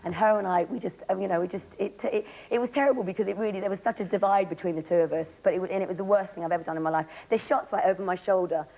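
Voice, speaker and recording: Fast-talking, slightly hoarse woman. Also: mid-range voice, steady tone, mellow, low-quality recording. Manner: rambling, giggly, fast storyteller. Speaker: guest actress. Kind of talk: chatty talk-show interview.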